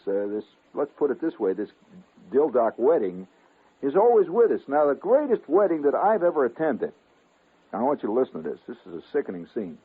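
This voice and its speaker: A man in his fifties spins a long, wandering radio story, his voice swooping up and down with animated energy and a slightly husky edge. Chuckles slip into his asides. The sound is thin and phone-like, as on an old radio broadcast. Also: mid-range voice. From United States. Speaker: radio host. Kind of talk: rambling radio storytelling monologue.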